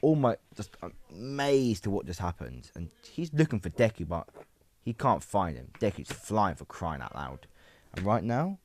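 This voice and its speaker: A man's voice: fairly low pitch, sing-song, moderate pace, a little mellow. A man casually narrating a fan story, rambling with many restarts and asides to his viewers.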